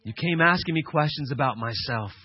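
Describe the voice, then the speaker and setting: Pastor guy preaching hard, goes quiet then loud, kinda husky, dull dry sound. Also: fairly high pitch, expressive, a little fast, no echo. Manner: emphatic, swings from quiet to loud. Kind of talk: sermon.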